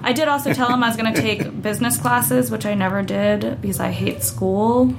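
A young woman speaks as a guest in a relaxed interview, telling her story with energy. She slips into the voices of the people she quotes. A faint hiss sits under the recording. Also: a little high, a little fast, vocal fry. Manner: animated storyteller, acts out quotes. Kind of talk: casual interview chat.

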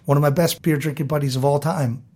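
Animated American man telling a story. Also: fairly high pitch, fast talker. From South Baltimore, USA. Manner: animated storyteller who acts out quoted voices. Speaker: guest. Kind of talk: storytelling interview.

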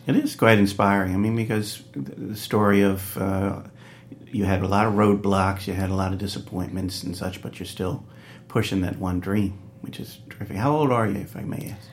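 A woman hosting a radio interview, with a very deep voice that is husky. She asks questions and keeps the guest going with short encouraging prompts. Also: steady tone, normal speed. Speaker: radio host.

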